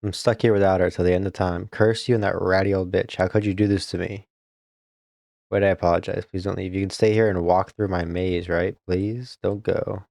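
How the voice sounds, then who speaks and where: Cruel old male ghost, gruff and gloating, as a gamer puts him on; low voice, dead-dry. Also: level tone, brisk, a little mellow, dry recording. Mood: pleading. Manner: gruff, sneering, mocking. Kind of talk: game character voice.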